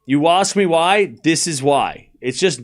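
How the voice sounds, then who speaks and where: A man hosting a live tennis watchalong stream, calling the score and chatting casually with his viewers in an excitable, teasing way. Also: measured pace. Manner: excitable, jumps up in pitch and volume, chats with viewers; teasing, laughs often.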